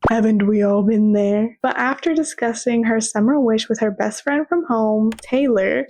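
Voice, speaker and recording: A young woman chats through a TV series in casual video commentary. She is dramatic and sarcastic, and she gushes over the scenes she loves. Her voice sits a bit higher than most women's. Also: darkish tone. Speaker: TV show commentator.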